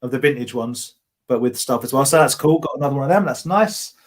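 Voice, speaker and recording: A man's voice: mid-range voice, animated, fast. A man co-hosting a casual toy chat, joking and poking fun at himself. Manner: jokey, self-mocking.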